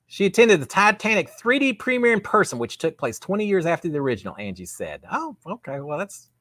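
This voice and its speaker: A man's voice: mid-range voice, sharp tone, dry recording, studio quality. A man hosting a live show, chatting casually and reading viewer comments in a rambling, self-deprecating way with frequent laughs. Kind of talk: casual live-stream chat.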